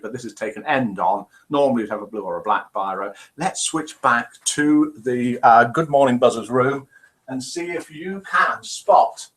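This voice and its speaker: A man's voice: mid-range voice, fairly bright tone. A man hosting a casual live stream, chatting and reading out viewer messages. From England. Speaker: live show host.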